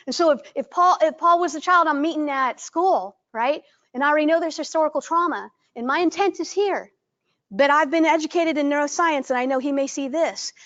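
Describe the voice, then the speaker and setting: A woman presenting a live training workshop, animated and acting out greetings, often checking in with her audience. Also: sits high, muffled recording. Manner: animated, acts out greetings in a bright voice; asks the audience frequent check-in questions.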